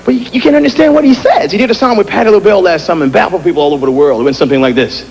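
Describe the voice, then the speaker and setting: High-voiced, animated male stand-up comic. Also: racing, slight background noise. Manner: animated, punchy, mimics people. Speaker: stand-up comedian. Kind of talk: stand-up comedy. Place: comedy club stage. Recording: live club, loud crowd and music.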